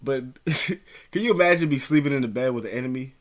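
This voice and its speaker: A man's voice: medium pitch, brisk. A man vlogging in a rambling, profane monologue, laughing as he goes and mimicking other people's voices while he tells stories. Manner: profane, laughs often, imitates others mid-story.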